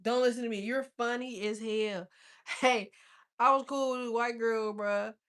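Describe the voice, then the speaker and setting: A woman chatting casually with viewers as a tarot reader, telling stories in a blunt, profane, animated way. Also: a little high, moderate pace. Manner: blunt, profane, animated storytelling with frequent laughs. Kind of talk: casual live-stream chat.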